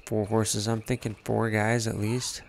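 A man's voice: lowish voice, little pitch movement, unhurried, creaky, slight background noise. A man giving casual gameplay commentary, laid-back and profane, muttering to himself. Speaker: gamer.

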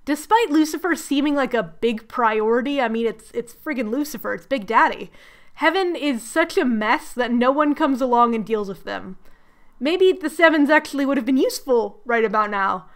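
High-voiced sarcastic young woman reviewer. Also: moderate pace. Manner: sarcastic, animated, self-mocking. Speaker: book reviewer. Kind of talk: comedic book recap.

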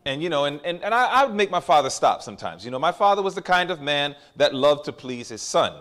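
A man preaching with a high, lively voice that swoops up and down. He stretches out key phrases for emphasis and calls out to his congregation for responses. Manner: drawn-out stressed phrases for emphasis. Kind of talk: sermon.

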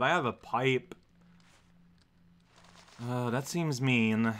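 Bright-voiced, rambling let's-play guy. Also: medium pitch, drawn-out words, slight background noise. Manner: rambling, musing, heavy on fillers. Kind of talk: casual gameplay commentary.

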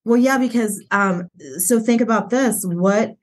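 A woman's voice: on the high side, a little slow. A middle-aged woman, a real estate agent and author, telling candid stories in an interview. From Colorado. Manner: candid, animated storyteller. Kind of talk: storytelling in interview.

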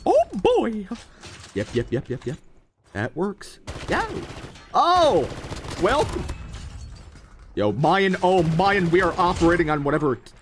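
A man's voice: fairly high pitch, animated, moderate pace, background noise. A man streaming a mobile shooter game, giving hyped, slangy live commentary and talking to his chat. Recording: loud gunfire from the game behind the voice.

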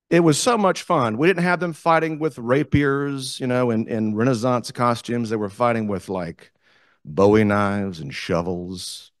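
Southern US man, guest speaker, lively storytelling, low voice, dry close sound. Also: moderate pace, no room sound. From South Carolina, US. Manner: animated, enthusiastic storyteller. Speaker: guest speaker, community theater director. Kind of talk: storytelling talk to a club.

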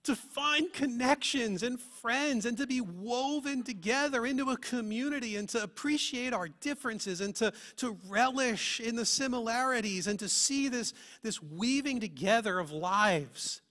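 A man's voice: very high voice, normal speed, few pauses, sharp tone. A man preaching a sermon as pastor, talking earnestly and asking his listeners many rhetorical questions. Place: church.

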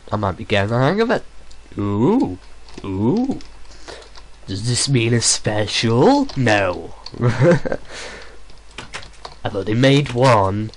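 A man's voice: on the low side, big pitch swings, moderate pace, hardly any pauses, a little hiss or hum. A young man giving casual, rambling gameplay commentary at home, hesitating often with fillers. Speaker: let's play gamer. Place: room at home.

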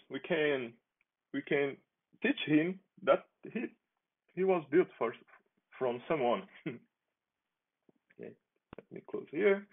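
A man casually demonstrating his software project on a screen share, talking in a halting, unhurried way and chuckling as he goes. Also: fairly high pitch, breathy edge. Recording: tinny phone-like lo-fi audio.

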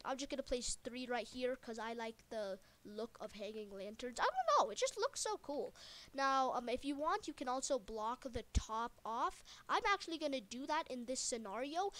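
A woman narrating a casual video game building tutorial. She rambles and jokes, with lots of fillers and quick self-corrections. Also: a little high, fairly bright tone.

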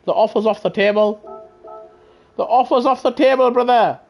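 A man's voice: extremely high pitch, moderate pace, lo-fi sound, a little hiss or hum. A man streaming a racing game live, chatting to viewers casually in slang and repeating himself. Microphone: gaming headset.

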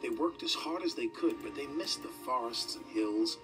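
A man's voice: mid-range voice, lively intonation, moderate pace, distant mic, music in the background. Man narrating a children's story.

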